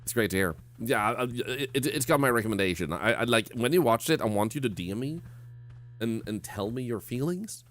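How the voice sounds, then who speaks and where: A man's voice: medium pitch, animated, brisk, a bit bright, faint music behind. A man streaming a horror game, chatting casually with viewers, rambling and stammering with self-mocking jokes. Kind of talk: casual livestream commentary while playing.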